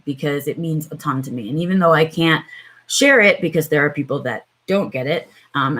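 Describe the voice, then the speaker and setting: A woman hosting a casual morning livestream, sounding tired and low on energy, chatting with viewers with lots of fillers. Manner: chatty, greets viewers by name, many fillers. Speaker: livestream host.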